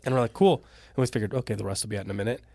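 A man's voice: on the low side, rapid-fire, gravelly, no echo. A man co-hosting a podcast in casual chat, telling a story at length and acting out what people said. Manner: animated storytelling, acting out quotes. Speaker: podcast co-host.

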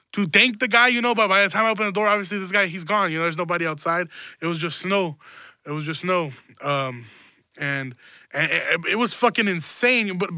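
A young man from Chicago tells a personal story in a rambling, self-mocking way, laughing often and swearing freely. His high voice sounds pushed and bright, and there's no echo.

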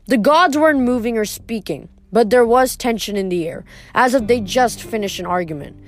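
A woman reading a novel aloud in first person, steady, with the odd stumble over a word. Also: a little high, moderate pace, no room sound. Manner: steady first-person storytelling with small slips. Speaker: reader.

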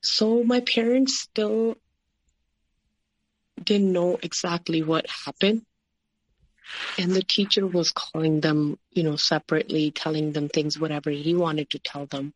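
As a guest on an interview, this woman tells her life story with plenty of "like," "you know," and quoted dialogue. She speaks in a low, fairly even voice at a measured pace, recorded dry.

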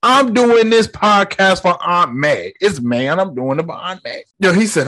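A man's voice: high-pitched, lively intonation, normal speed, pushed and bright. A young man hosting a podcast, recapping a movie in casual slang and mocking the characters in quoted voices. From United States. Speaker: podcast host.

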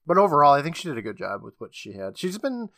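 A man's voice: fairly high pitch, big pitch swings, fast talker, vocal fry, a bit bright, no room sound, clean studio sound. A man co-hosting a casual podcast, recapping episodes with a chatty manner, acting out quotes and laughing often.

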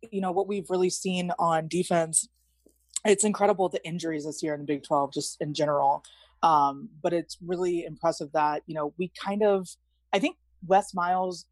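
Young female podcast guest: low, dry voice, chatty and digressive. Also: no echo. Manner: chatty, laughing, rambling asides. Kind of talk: casual sports chat.

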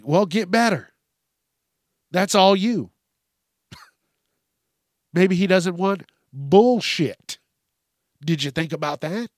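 A man's voice: high-pitched, expressive, slow, pauses often, no room sound, clean studio sound. A man hosting a podcast, ranting with heated, sweary sarcasm. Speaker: podcast host. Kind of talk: profane comedic rant.

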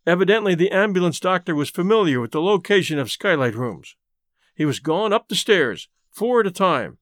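A man who hosts a podcast, narrating a classic short story in a measured, unhurried way. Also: high voice, lively intonation, fairly bright tone, no room sound, studio quality.

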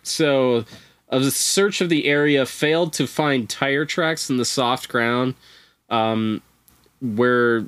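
A man's voice: medium pitch, slow, a bit bright, smooth, no room sound. A man who is a podcast guest, telling a strange story in laid-back, casual chat with profane, wry asides.

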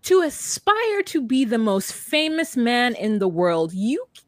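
A woman co-hosting a podcast, chatting casually about a reality show in a rambling, animated way full of fillers and mock quotes. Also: a little high, unhurried, no room sound. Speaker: podcast co-host.

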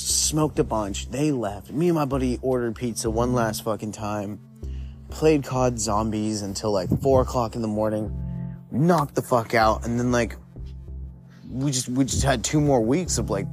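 A man's voice: medium pitch, darkish tone. A young man telling a story in a loose, rambling way, swearing constantly and filling with "like". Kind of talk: casual profane storytelling.

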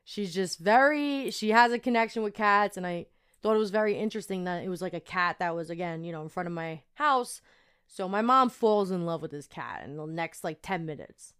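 A young woman hosting a podcast, telling a personal story in a chatty, animated way with lots of fillers. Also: lowish voice, fairly quick, clear, resonant tone. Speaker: podcast host. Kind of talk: casual storytelling monologue.

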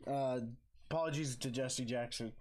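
A man's voice: medium pitch, fairly even intonation, brisk, a little mellow. A young man hosting a casual podcast, rambling and hesitant, full of fillers. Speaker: podcast host. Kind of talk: casual chat.

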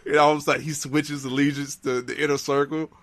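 Excitable male co-host, bright edge, slangy casual reactions. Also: a little high, quick pace. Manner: excitable, slangy, says "bro" and "man", laughs along. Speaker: podcast co-host. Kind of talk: casual chat.

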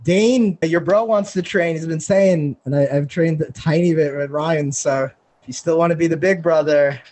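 A man's voice: fairly high pitch, moderate pace, darkish tone. A man co-hosting a podcast in loose casual chat, swearing freely and laughing often. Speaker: podcast co-host.

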